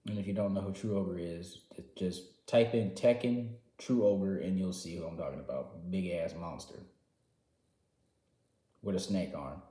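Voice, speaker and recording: A man casually recapping a game story, excitable and slangy, jumping from loud outbursts to quiet asides. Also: low voice, a little slow. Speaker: gaming vlogger. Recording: roomy echo.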